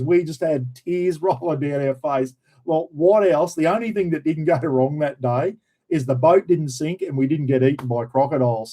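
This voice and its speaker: An Australian man casually telling a story, acting out other people's shouted lines and laughing as he talks. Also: fairly high pitch. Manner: animated, acts out quoted shouts, laughs mid-sentence. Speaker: vlogger, former police officer.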